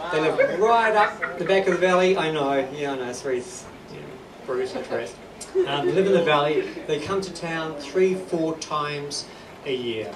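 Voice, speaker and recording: A man with a New Zealand accent telling rambling, self-deprecating stand-up stories on a club stage, with laughter behind him. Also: a little high. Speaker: stand-up comedian. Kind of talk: stand-up comedy. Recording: echoey club from a distance, noisy. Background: audience laughter.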